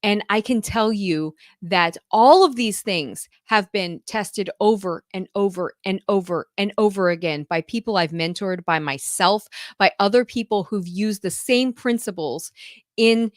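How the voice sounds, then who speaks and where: A woman's voice: mid-range voice, measured pace, no room sound, studio quality. A woman homeschool mentor talking casually to her viewers, gushing and effusive, often breaking into laughter. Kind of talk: casual talk to camera.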